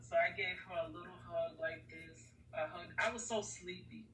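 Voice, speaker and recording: A woman's voice: lowish voice, moderate pace, few pauses, fairly bright tone, slight background noise. A woman vlogger telling a personal story in an earnest, rambling way, often repeating herself. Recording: echoey room, far from the mic.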